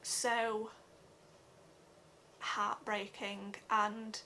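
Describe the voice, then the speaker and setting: A young woman giving an earnest personal vlog update, talking haltingly with many fillers. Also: medium pitch, level tone, sharp tone, slight background noise. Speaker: vlogger.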